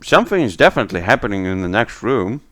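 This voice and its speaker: A man running a tabletop game as game master, narrating the scene in an unhurried way. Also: lowish voice. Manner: unhurried, lively narration with laughs.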